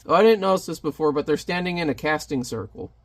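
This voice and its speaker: A man walks through a comic in a relaxed, chatty review, dropping jokes between panels. His voice sits a bit high for a man. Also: quick pace. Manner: chatty, jokey asides.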